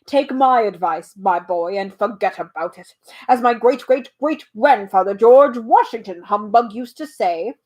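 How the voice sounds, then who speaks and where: A woman voicing a pompous, boastful old male humbug bug in a storybook reading, speaking loudly and grandly. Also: medium pitch, lively intonation, measured pace, lightly acted.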